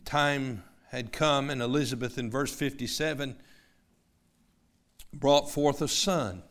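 A middle-aged male pastor preaching a sermon, emphatic, moving between loud urgency and hushed lines. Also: mid-range voice, fairly even intonation, slow pace.

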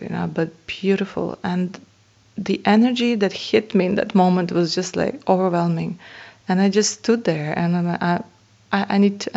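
A woman with a lowish voice tells a personal spiritual story, earnest and awed, and often pauses with soft laughs. The recording is dull and lo-fi. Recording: dull lo-fi sound.

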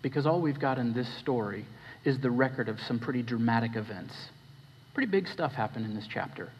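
A man preaching a sermon as pastor, talking with the congregation and asking them questions, his voice dropping low and then rising. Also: animated, a little fast, slight background noise. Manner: conversational, questioning the congregation, shifting between hushed and raised. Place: church hall. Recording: dull recording with long hall reverb.

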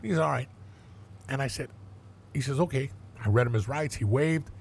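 A man's voice: mid-range voice, moderate pace, creaky, darkish tone, slight background noise. An older man, a former police detective, telling blunt, profane stories in a casual interview and acting out the dialogue.

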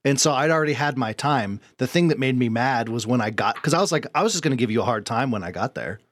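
A man's voice: medium pitch, fast. A young man chatting casually, telling a story with lots of laughter. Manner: animated storyteller, laughs often. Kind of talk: casual chat.

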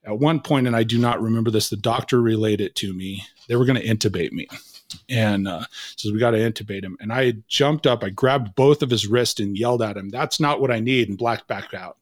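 A man in his forties, a podcast guest, telling a personal story with vivid quoted dialogue and dropping to a hushed tone at intense moments. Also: fairly low pitch, a little fast, dry recording, clean studio sound. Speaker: podcast guest, leadership coach.

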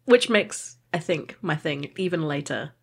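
A woman's voice: sits low, expressive, unhurried, vocal fry, slightly rough. A woman co-hosting a book podcast in a casual chat, joking and laughing often. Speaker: podcast co-host.

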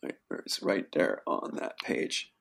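A man's voice: slow, a bit bright. A man, the guest, telling an emotional personal account in an insistent voice that rises to pleading outbursts.

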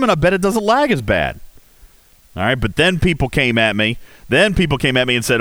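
A man hosting a casual game livestream, talking in an animated, rhetorical way with many fillers. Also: mid-range voice, fairly quick, no room sound. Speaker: livestream host. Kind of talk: casual game commentary chat.

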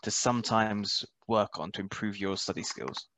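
A man's voice: on the low side, normal speed, fairly bright tone, no room sound. A man in a casual Bible study discussion, thinking aloud and asking the teacher questions. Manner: thinks aloud with fillers and restarts.

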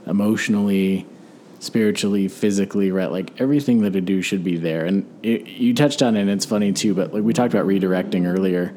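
Low mellow man, reflective. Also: fairly quick, slight background noise. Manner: reflective, thinking aloud. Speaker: guest, father of five. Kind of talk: casual podcast chat.

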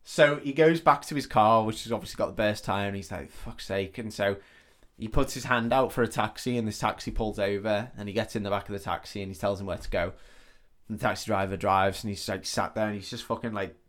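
A man's voice: fairly low pitch, quick pace, fairly bright tone. A man co-hosting a podcast, casually retelling a film plot with lots of swearing and acted-out lines. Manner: sweary, laughs often, acts out lines. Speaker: podcast co-host.

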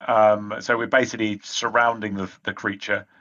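A man playing a tabletop game, planning tactics out loud. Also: fairly low pitch, little pitch movement, normal speed. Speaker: player. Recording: dull lo-fi sound.

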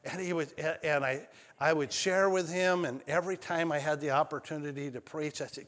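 A male pastor telling a personal story in a sermon, swinging between loud calls and hushed lines. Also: on the high side, fairly even intonation, normal speed, in a large hall. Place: church sanctuary.

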